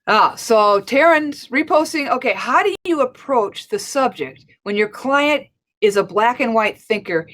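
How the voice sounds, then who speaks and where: A middle-aged woman with a medium-pitched voice, speaking at normal speed, gives a conference talk as a life and leadership coach. She's conversational and animated, telling a story and acting out its dialogue as she goes.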